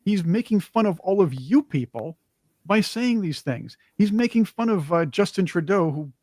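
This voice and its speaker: Host for a political talk show: a man with a slightly high voice who mocks with sarcasm and sounds dry and close. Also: lively intonation, normal speed, a little mellow, no echo. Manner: mocking, puts on whiny voices to imitate opponents. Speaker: podcast co-host. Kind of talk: casual political commentary.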